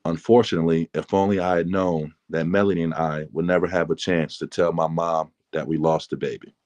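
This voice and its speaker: A man reads aloud from his own memoir in a calm, measured way. His voice is very deep. The recording is dry and close, with no room sound. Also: no room sound. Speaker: author reading his book. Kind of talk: memoir reading.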